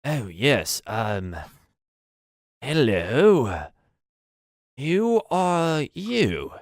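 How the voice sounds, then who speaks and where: A man's voice: fairly low pitch, big pitch swings, unhurried, a bit bright, slightly rough, dry recording, clean studio sound, heavily acted. A man voicing a fussy, servile old male goblin butler with a snobbish, fretting manner. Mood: disdainful. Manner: fawning, fretful, snobbish.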